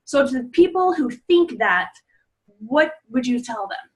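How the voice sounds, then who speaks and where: A woman hosting an interview, speaking straight to viewers and explaining points clearly. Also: a little high, expressive, unhurried. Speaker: interview host, body language trainer.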